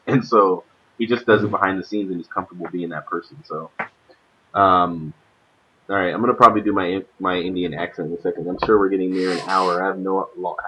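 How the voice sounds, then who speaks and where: A man's voice: deep voice, sharp tone, slight background noise, low-quality recording. A young man hosting a casual gaming stream, rambling with many fillers over a voice call. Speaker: stream host.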